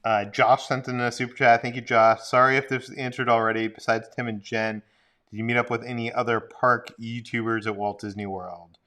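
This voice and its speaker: A man co-hosting a relaxed livestream, talking in a loose, rambling, easygoing way. He reads viewer questions aloud in a voice of ordinary pitch for a man. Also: a little fast. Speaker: co-host. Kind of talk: casual livestream chat.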